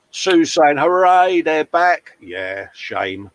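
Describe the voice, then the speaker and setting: Slightly high and very animated, this man takes it slowly with hardly any pauses, and the recording is rough. Hosting a live model-painting stream at his hobby workbench at home, he chats casually, reads viewer comments aloud, laughs often at himself, and calls folks mate.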